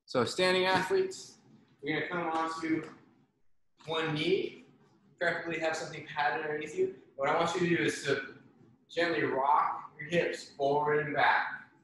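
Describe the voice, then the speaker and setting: A man leading an online workout class over a video call, giving brisk, encouraging cues and counting down reps. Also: a little high, fairly even intonation, fairly bright tone. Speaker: fitness instructor. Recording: very echoey room, faint noise.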